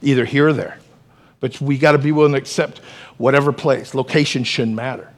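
A man preaching to his church in an animated way, with joking asides and calls for the congregation to respond. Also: medium pitch, brisk. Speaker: pastor. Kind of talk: sermon.

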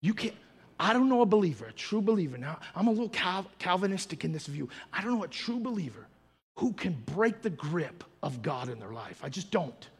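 A man preaching a sermon as pastor, fervent, building up loud and calling out to his church. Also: high voice, very animated, a little fast, breathy edge. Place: church sanctuary. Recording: long hall reverb.

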